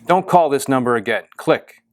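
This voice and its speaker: A man's voice: mid-range voice, lively intonation, normal speed, no echo, pitched above the performer's own voice, natural voice. A man reading the lines of a skeptical male computer scientist on a phone call, wary and dismissive.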